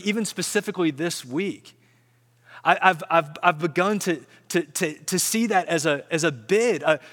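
A man's voice: high voice, pushed and bright, big-room sound. A man preaching a sermon as pastor, earnest, often repeating words as he builds up.

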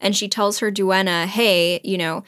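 A woman co-hosting a podcast, casually retelling a play's plot and acting out the characters' lines in a playful, animated way. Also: mid-range voice, moderate pace. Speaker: podcast co-host. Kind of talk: casual chat retelling a play.

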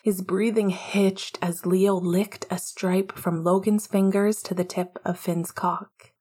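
A woman narrating an audiobook in a hushed, intimate way, often half-whispering. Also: medium pitch, level tone, slow pace, slightly rough.

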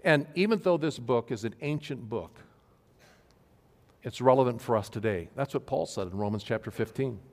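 A male pastor giving an earnest sermon to his congregation, stressing key phrases slowly. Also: mid-range voice, animated, a little mellow. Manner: earnest, emphatic preaching with slow stressed phrases. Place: church sanctuary. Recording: long hall reverb.

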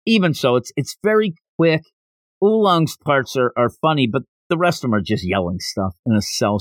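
A man's voice: medium pitch, no echo. A man hosting a manga review podcast, chatting casually as he recaps the plot with wry jokes. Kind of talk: casual solo review chat.

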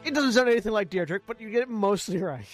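A man's voice: sits high, animated, quick pace, soft background music. A man running a tabletop game as game master, describing scenes and giving rulings in a laid-back, plain-spoken way.

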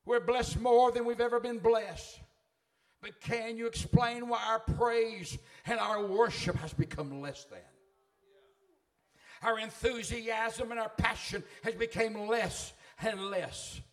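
A man's voice: very high voice, slow. A middle-aged man preaching a sermon in a fervent, folksy way.

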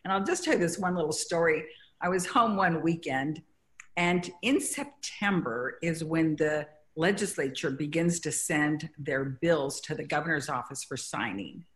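A middle-aged woman from Mexico, a guest in an interview, telling stories with halting restarts. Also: low-pitched. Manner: warm storytelling, grows emotional, halting restarts. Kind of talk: conversational interview.

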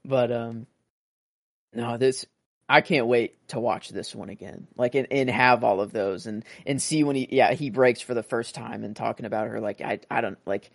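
A man's voice: mid-range voice, moderate pace, creaky, no room sound. Rambling man, lots of "like", dry mic. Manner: rambling, full of "like" and "you know", restarts. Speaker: podcast co-host. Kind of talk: casual film discussion.

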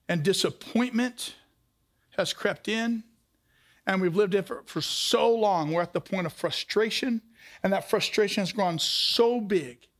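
A man with a strikingly high-pitched voice preaches a sermon, moving through stories and putting direct questions to the congregation. He shifts between hushed, slow stretches and higher, faster passages. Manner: storytelling, direct questions to the listeners. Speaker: pastor.

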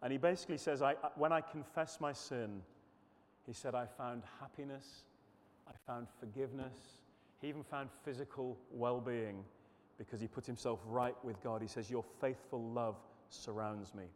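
A man's voice: medium pitch, steady tone, normal speed, long reverb tail, a little hiss or hum. A man preaching an earnest sermon through a run of psalms, often restarting phrases and repeating words as he goes.

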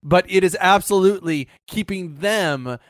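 A man's voice: sits high, normal speed. A middle-aged man in casual chat who tells a story with many restarts and fillers. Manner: animated, full of restarts and fillers.

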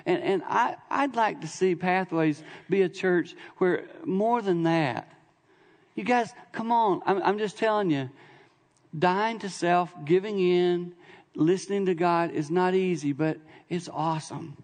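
A man's voice: high voice, a little slow. A middle-aged man preaching a sermon in a church, telling stories conversationally with humor and sudden bursts of emphasis. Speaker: visiting preacher. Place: church sanctuary. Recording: long hall reverb in a church.

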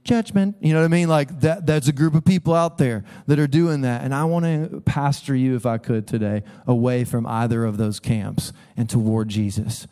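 A man preaching a sermon as a pastor, conversational and animated, acting out voices as he tells stories. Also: medium pitch, normal speed, hardly any pauses. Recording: long hall reverb.

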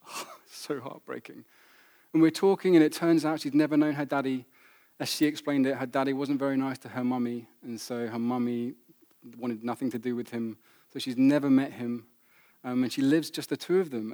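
A man's voice: on the high side, a little mellow. A man in his thirties preaching a sermon, telling a family story in an earnest, intimate way. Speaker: pastor.

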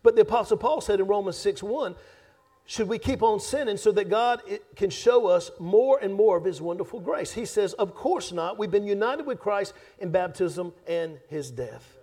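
Husky high-voiced preaching man. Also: moderate pace. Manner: emphatic preaching, swings loud and soft, chuckles with congregation. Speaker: pastor. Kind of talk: sermon. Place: church sanctuary.

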